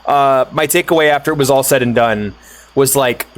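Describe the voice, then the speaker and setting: A man's voice: medium pitch, normal speed, a little hiss or hum. Rambling, swearing male streamer. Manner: rambling, swears freely, laughs often. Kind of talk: casual stream chat.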